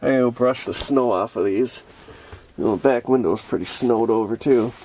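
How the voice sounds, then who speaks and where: A man's voice: mid-range voice, moderate pace, darkish tone, slight background noise. A tired man vlogging casually from inside his camper van, rambling with lots of restarts and fillers. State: tired from a long day. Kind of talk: casual vlog chat.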